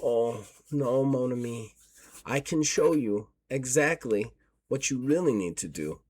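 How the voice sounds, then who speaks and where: Ghostly French temptress, soft and breathy, coaxing, as a male game master puts her on. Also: medium pitch, lively intonation, measured pace. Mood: tender, coaxing. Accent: French, put on. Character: beautiful ghostly French woman, seductive, whispering in the mind.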